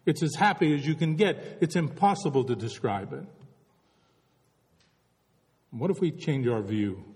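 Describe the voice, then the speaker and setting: A man's voice: medium pitch, animated, measured pace, a little mellow, long reverb tail. A man delivering a reflective sermon as a pastor, full of rhetorical questions.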